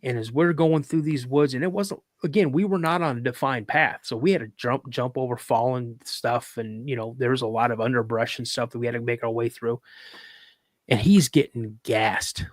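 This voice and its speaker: A man in a casual podcast conversation, telling a story with lively energy, his voice lifting sharply whenever he quotes someone. His pitch sits in a middle range for a man. The recording is dry and close, with almost no room around him, and now and then he sounds close to tears. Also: normal speed, no echo. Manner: animated, acts out quoted dialogue in a raised voice; fighting back tears at moments. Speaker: podcast guest.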